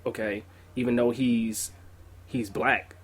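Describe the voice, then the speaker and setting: A man's voice: mid-range voice, steady tone, takes it slowly, husky. A young man co-hosting a casual podcast, joking loosely, swearing freely and laughing often. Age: young adult. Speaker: podcast co-host. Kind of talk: casual chat.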